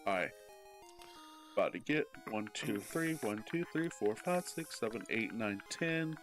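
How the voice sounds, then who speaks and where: A man's voice: mid-range voice, faint music behind. A man in his thirties, a speedrunner joking and reacting in casual commentary over his own run. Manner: excitable, joking, quick bursts. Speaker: speedrunner and streamer.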